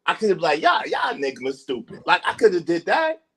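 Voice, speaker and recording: This man has a bright, high voice and talks like a streamer in a heated call-in argument. He repeats his points over and over, throws insults, and his voice climbs and gets loud as he goes. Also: huge pitch swings, brisk, husky. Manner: ranting, insulting, repetitive; voice rises and turns loud when angry. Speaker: streamer hosting a call-in panel.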